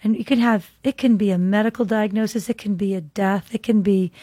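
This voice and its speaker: A woman hosting a podcast, giving an earnest, reflective talk on trauma and grief and reading scripture slowly. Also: mid-range voice, fairly even intonation, dark tone, husky, dry recording, studio quality. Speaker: podcast host and counselor. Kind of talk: faith-based teaching monologue.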